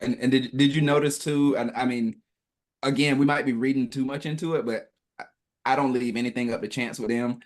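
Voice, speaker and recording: A man's voice: mid-range voice, fairly even intonation, fairly quick. A man co-hosting a podcast, pointing out details of a show in a thoughtful, hedging way. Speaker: podcast co-host. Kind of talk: casual reaction chat.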